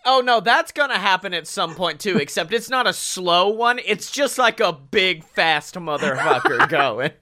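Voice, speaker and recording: Animated, bright-voiced man telling a wild pitch. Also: normal speed, hardly any pauses. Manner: animated, laughing storyteller, swearing freely. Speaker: podcast co-host. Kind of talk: casual comedic podcast chat.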